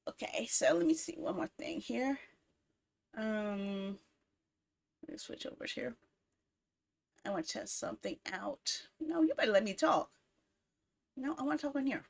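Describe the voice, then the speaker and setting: Animated woman streamer rambling to herself. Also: fairly high pitch, a little slow, creaky, long pauses. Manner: rambling, talks to herself while fiddling with apps; easily exasperated, swears. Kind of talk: casual live-stream chat.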